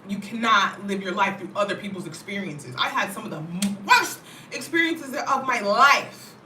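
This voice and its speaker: An American woman chatting casually to camera as a vlogger, animated and talkative, often checking in with "you know what I mean". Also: mid-range voice, moderate pace, slight background noise. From United States. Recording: roomy, mic at a distance.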